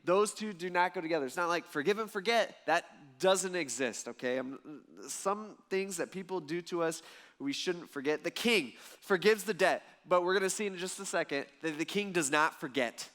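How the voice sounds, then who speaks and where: A male pastor preaching a sermon, telling a parable with lively, animated delivery. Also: high voice, normal speed. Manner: lively storytelling preacher, acts out voices in the parable.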